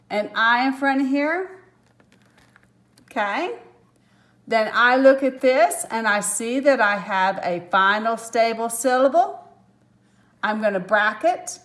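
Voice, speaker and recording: A woman teacher explains a phonics lesson in an unhurried, measured way. Her voice sits a little high, and she is patient and goes step by step. She adds small apologetic asides as she works through each word. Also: a bit bright.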